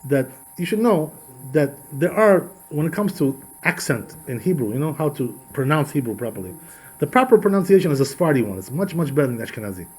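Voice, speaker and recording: Fast-talking rabbi. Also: male voice, on the high side, big pitch swings, husky. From Georgia. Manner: emphatic, full of rhetorical questions and repeated phrases. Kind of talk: Torah lesson.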